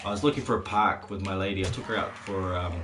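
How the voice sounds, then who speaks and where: A man's voice: low voice, fast talker, background noise. A man chatting casually on a live stream while he plays, rambling, chuckling often and swearing at the game.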